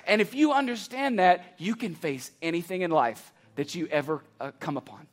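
A man preaching a sermon as pastor, building to passionate near-shouts and then dropping low and quiet. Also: moderate pace. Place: church campus.

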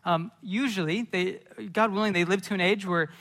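Man, thirties, pastor, sermon, earnest storytelling, high voice, bright tone. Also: normal speed. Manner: earnest storytelling, building to animated, high-pitched retellings.

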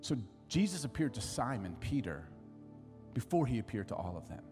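A middle-aged man preaching a sermon, telling stories in an animated way and acting out other people's voices. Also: medium pitch, moderate pace, soft background music. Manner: animated storytelling, acts out voices and laughs. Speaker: pastor. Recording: long hall reverb.

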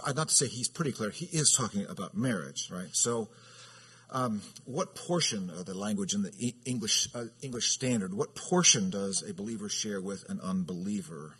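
A man's voice: on the low side, moderate pace, a bit bright, breathy edge. A man who serves as a church elder, giving a conversational sermon that rambles, restarts and keeps asking "right?". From California. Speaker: elder teaching a Bible study.

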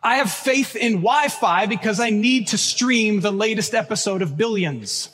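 A man preaching a sermon as pastor, earnest and emphatic, slowing down to stress key phrases. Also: high-pitched, lively intonation, fairly bright tone, slightly rough. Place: church sanctuary. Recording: long church reverb.

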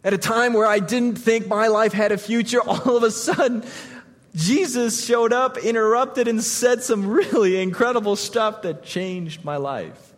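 A man's voice: high voice, measured pace, big-room sound. A man voicing a grateful woman telling how she was saved from stoning, earnestly.

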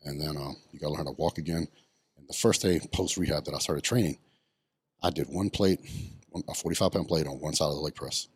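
A man's voice: very deep voice, quick pace, husky, no room sound, studio quality. A middle-aged man, telling his story bluntly in a casual podcast interview, swearing often. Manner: blunt and profane, many ums. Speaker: podcast guest, retired bodybuilder.

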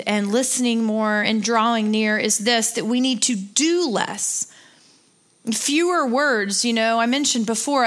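Woman in her forties, Bible study teacher, animated emotional storyteller, fairly high voice. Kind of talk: personal story in a teaching talk.

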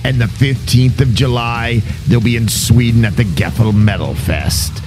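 A man reading a scripted tour promo, listing dates in a steady delivery. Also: mid-range voice, measured pace. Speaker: tour announcer. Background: music.

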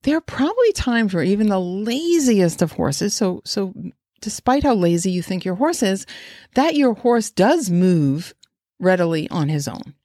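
A woman's voice: medium pitch, sing-song, a little slow, mellow, no room sound, clean studio sound. A woman horse trainer giving an instructional talk, rambling with restarts and asking the listener many questions.

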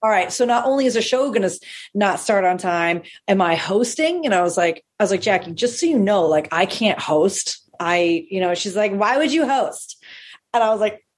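A woman comedian telling a long profane anecdote, animated and acting out the people she quotes. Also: mid-range voice, fairly quick, slightly rough. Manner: animated, acts out quoted voices, swears freely. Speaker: stand-up comedian.

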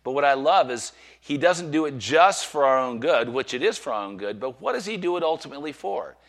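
A man preaching a sermon to his congregation, slowing down to recite scripture and inviting them to say it with him. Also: a little high, animated. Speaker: pastor.

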